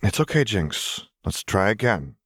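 A man voicing a patient, gentle young woman who speaks in a soft, soothing, reassuring way in an audiobook fan fiction reading. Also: fairly low pitch, big pitch swings, unhurried, no echo, studio quality.

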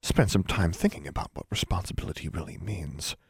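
A man voicing a cold, stern female school dean who speaks in quiet, menacing, clipped commands. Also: deep voice, a little fast, slightly rough, no echo, studio quality, heavily acted.

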